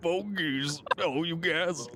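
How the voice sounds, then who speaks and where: A man's voice: on the high side, steady tone, slow, sharp tone, slight background noise, pitched above the performer's own voice. A man doing a soppy gelatinous cube. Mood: touched. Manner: hammy, soppy, exaggerated put-on accent. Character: sentimental male gelatinous cube creature. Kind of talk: tabletop game role-play.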